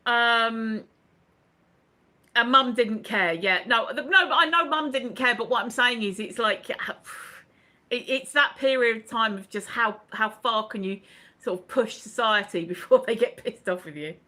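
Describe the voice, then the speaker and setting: A woman's voice: on the high side, unhurried, sharp tone. A woman, hosting a casual livestream chat, rambling and laughing as she reads out viewer comments. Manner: chatty, laughs often, rambling asides. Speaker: livestream host.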